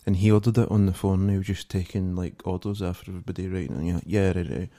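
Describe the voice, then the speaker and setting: A man's voice: low voice, little pitch movement, quick pace, mellow. A Scottish man co-hosting a casual podcast, telling rambling anecdotes with lots of swearing and laughter. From Scotland. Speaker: podcast co-host. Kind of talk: casual banter.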